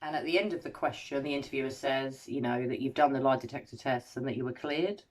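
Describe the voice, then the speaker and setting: A woman hosting an analysis video, paraphrasing recorded quotes and weighing each one in a measured, analytical way. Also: extremely low pitch. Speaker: host analysing a recorded interview. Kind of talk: scripted commentary.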